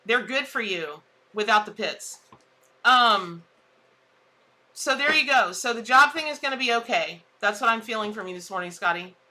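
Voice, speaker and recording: Chatty woman with a very bright voice. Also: a little high, lively intonation, normal speed. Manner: chatty, exclamatory, laughs at her own jokes. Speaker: tarot reader. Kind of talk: casual live-stream chat.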